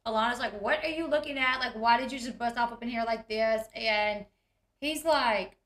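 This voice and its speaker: A woman hosts a casual reality TV recap, retelling scenes in a chatty, giggly manner and acting out the quotes. Her voice is fairly high and fairly bright, her speed normal, and the recording has a roomy sound.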